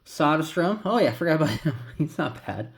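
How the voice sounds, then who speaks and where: A man's voice: on the high side, very animated, fairly quick, gravelly, a little hiss or hum. A man casually talking through a pack opening, rambling and calling out names as he flips through cards. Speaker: card collector vlogger.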